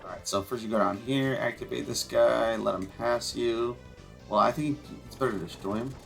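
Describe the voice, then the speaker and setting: A man's voice: medium pitch, normal speed, creaky, a bit bright, soft background music. A man giving rambling, casual commentary while playing a video game, with lots of fillers and some mild swearing. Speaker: gameplay streamer. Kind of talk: casual let's-play commentary.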